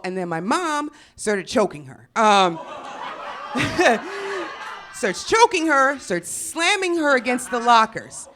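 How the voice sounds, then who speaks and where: A young woman from Chicago telling a funny story on stage, profane and animated, acting out the people she quotes. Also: a little high, takes it slowly, pauses often, a little hiss or hum. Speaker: storyteller comedian. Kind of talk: live comedic storytelling.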